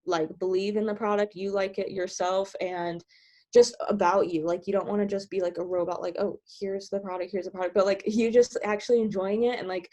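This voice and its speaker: A bubbly woman rattles off advice at a quick clip, giggling between thoughts and peppering every sentence with "like". Her voice sits at an ordinary middle pitch. She comes through the compressed sound of a video call. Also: steady tone, warm tone. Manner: bubbly, giggly, filler-heavy with many "like"s; talks fast. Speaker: team trainer sharing sales tips. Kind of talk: casual coaching talk.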